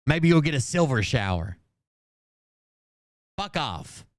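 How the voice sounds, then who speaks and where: A man's voice: mid-range voice, big pitch swings, takes it slowly, no room sound, clean studio sound. A man hosting a livestream, ranting in an angry, combative way and swearing constantly. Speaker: channel host.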